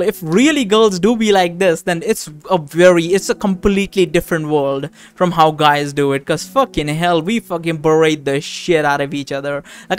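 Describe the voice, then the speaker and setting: A let's play host in his twenties, with a smooth voice that sits high, rambles through casual commentary while playing a visual novel. He's animated, swears heavily, and uses lots of filler words.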